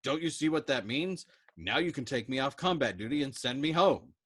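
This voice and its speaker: A man's voice: medium pitch, expressive, normal speed, a bit bright, husky, pitched above the performer's own voice. A man voicing a frantic young airman who argues emphatically. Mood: agitated. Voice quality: emphatic, agitated. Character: frantic young male bombardier.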